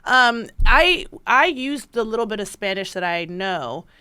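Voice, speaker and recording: A woman's voice: mid-range voice, measured pace, clear, resonant tone, dry recording. A woman from Baltimore hosting a podcast, chatting casually, telling stories with frequent laughter. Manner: laughs often, animated storytelling. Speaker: podcast host. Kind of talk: casual chat.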